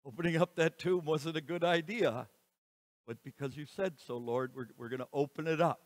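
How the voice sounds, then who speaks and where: A man giving a sermon as pastor, moving between quiet passages and loud, emphatic lines. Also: on the high side, moderate pace, dry recording. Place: church.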